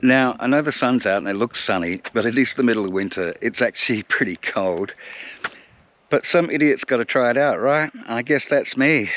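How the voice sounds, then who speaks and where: A man's voice: mid-range voice, normal speed. A man talking to the camera on his travels, chatty and poking fun at himself. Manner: chatty, self-mocking, talks to the camera. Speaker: travel vlogger. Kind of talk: casual travel vlog narration. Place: outdoors on location. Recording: outdoor recording with loud background noise.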